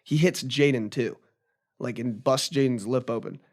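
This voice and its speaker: As a guest on a podcast, a young man casually tells a story in a mid-range voice at normal speed. His retelling rambles, packed with fillers and frequent restarts.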